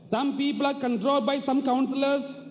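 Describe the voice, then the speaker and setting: A man's voice: very high voice, fairly even intonation, fairly quick. A male priest preaching a sermon, telling a story and repeating his phrases as he calls on his dear brothers and sisters. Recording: echoey hall reverb.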